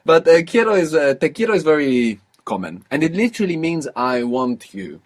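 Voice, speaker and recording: A man's voice: on the high side, big pitch swings, normal speed. A man teaching a language lesson, explaining patiently with frequent fillers.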